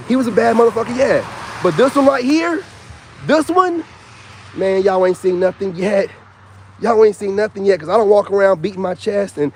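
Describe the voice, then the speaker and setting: A man's voice: high voice, darkish tone, slight background noise. A man in his thirties talking in a casual vlog monologue, emphatic and repetitive with a slangy delivery. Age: 30s. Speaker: YouTuber.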